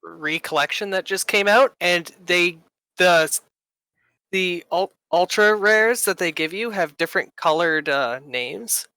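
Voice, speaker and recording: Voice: medium pitch, measured pace, pushed and bright, no room sound. A podcast co-host chatting casually and reading out trivia. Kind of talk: casual chat.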